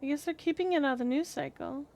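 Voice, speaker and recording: A young woman streams a story game, reading its dialogue aloud and breaking off into chatty, sarcastic asides with the odd swear word. Her voice sits a little high, and she talks fast with a darkish tone.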